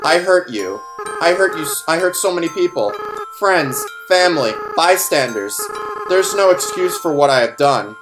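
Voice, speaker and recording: A man voicing a gentle, remorseful young goat monster boy, reading game lines aloud in a soft, halting, tearful way. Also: a little high, expressive, natural voice. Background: game soundtrack music.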